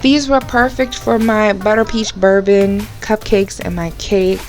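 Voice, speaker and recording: A woman's voice: medium pitch, steady tone, measured pace, a little mellow, soft background music. A woman hosting a baking tutorial, chatty and bubbly, talking straight to her viewers. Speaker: baker and cake channel host.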